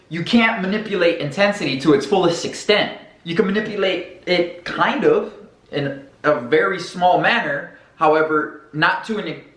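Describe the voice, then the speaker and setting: A man hosting a fitness channel who explains training science in a jokey, profane, animated way. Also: fairly high pitch. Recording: echoey room.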